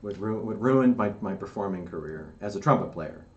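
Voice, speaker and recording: A man's voice: on the low side, animated, fairly quick, a little mellow, recorded from a distance, muffled recording. A male guest chatting casually, telling a story about his past and quoting himself as he goes. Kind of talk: casual chat. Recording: roomy, off-mic with faint ambience.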